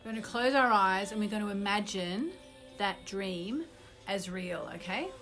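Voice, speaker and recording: A middle-aged British woman who teaches astrology, guiding an online group through a manifestation exercise in a gently instructive way. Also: mid-range voice, normal speed, faint music behind. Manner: gently instructive, with bursts of loud ecstatic gratitude.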